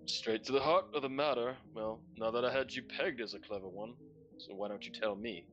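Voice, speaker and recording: A man's voice: medium pitch, brisk, fairly bright tone, highs cut off, faint music behind, natural voice. A man voicing a sinister, theatrical clown showman who calls himself a Duke of Hell, mocking and threatening. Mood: menacing.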